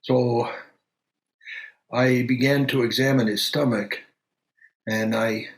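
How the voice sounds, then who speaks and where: An actor playing a middle-aged country doctor who tells a strange story in an unhurried, halting way, full of pauses and fillers. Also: male voice, medium pitch, fairly even intonation, reverberant. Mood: steady recounting. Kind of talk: audio drama acting.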